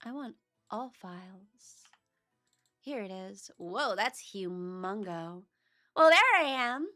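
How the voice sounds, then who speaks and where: A woman's voice: medium pitch, very animated, slow, sharp tone, soft background music. A woman streamer chatting casually on a livestream, talking to herself as she searches for files. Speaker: VTuber streamer.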